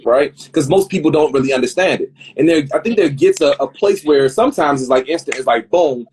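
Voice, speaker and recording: A man's voice: fairly high pitch, expressive, a little fast, hardly any pauses, a little mellow. A man hosting a live online interview over a video call, talkative and prone to repeating words as he rephrases his questions. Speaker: host. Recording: husky video-call audio that drops out.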